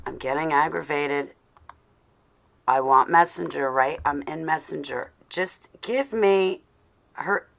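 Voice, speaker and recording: This livestream host has a deep voice, slow delivery and noticeable vocal fry. She chats casually with her audience, mumbling to herself as she hunts for something. Her manner is flustered, though she warmly calls out to viewers along the way.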